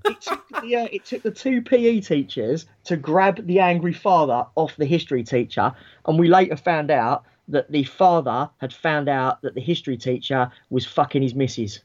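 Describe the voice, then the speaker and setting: This man in his forties recounts a school story during relaxed conversation, cursing liberally and performing the voices of those he quotes with lots of energy. He speaks at a moderate pace in a slightly high voice, captured in lo-fi audio.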